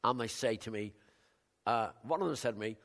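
An older man from West Wales with a West Welsh accent, a Christian minister telling rambling, animated stories of his week in a casual talk. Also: fairly low pitch, brisk. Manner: rambling, animated storytelling with many restarts.

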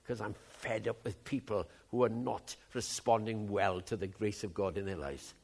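A man in his seventies preaching a sermon, moving from low musing to loud, emphatic outbursts. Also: fairly even intonation, normal speed, vocal fry, breathy edge. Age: 70s.

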